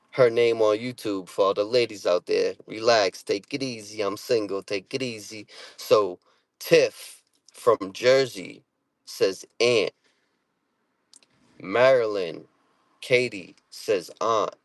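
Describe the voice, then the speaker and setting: A middle-aged man with a Boston accent hosts a casual livestream, reading viewer comments aloud and talking in a streetwise, profane way. His voice is on the low side and slow, with no room sound.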